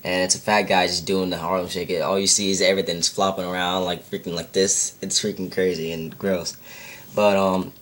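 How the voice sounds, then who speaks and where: Young male vlogger, low-pitched, loose and rambling, correcting himself as he goes. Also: little pitch movement, fairly quick, a bit bright. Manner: rambling, many "like"s, self-correcting. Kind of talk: casual retelling.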